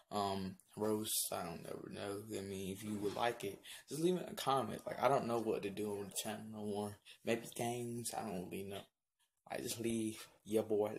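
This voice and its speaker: A man's voice: on the low side, fairly even intonation, moderate pace, a little hiss or hum. A man hosting his own channel, chatting casually to the camera in a slangy, rambling way with lots of fillers. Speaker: YouTube channel host. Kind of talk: casual vlog chat to the camera.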